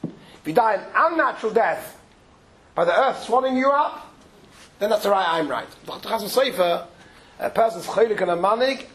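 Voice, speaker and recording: Man, high voice, informal Torah lecture, conversational, mixes Yiddish and Hebrew terms into English, faint background hiss. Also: expressive, moderate pace, pauses often, a bit bright, low-quality recording. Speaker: rabbi giving a Torah talk.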